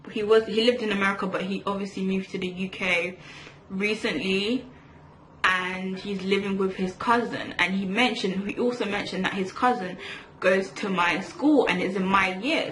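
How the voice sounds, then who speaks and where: A young woman chats through a makeup storytime, rambling and restarting her sentences as she goes. Her voice sits at a middle pitch and rings in an echoey room, with a faint hiss underneath. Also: fairly bright tone. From England. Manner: chatty, rambling, lots of fillers and restarts. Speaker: vlogger. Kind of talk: storytime chat while doing makeup.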